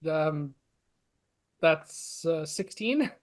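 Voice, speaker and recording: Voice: medium pitch, lively intonation, drawn-out words. A player chatting casually at a tabletop game. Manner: casual, chatty, many fillers.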